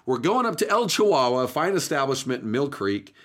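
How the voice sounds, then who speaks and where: A man hosting a podcast, telling his stories in an animated, chatty casual way. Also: medium pitch, a little fast. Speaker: podcast host. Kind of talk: casual storytelling chat.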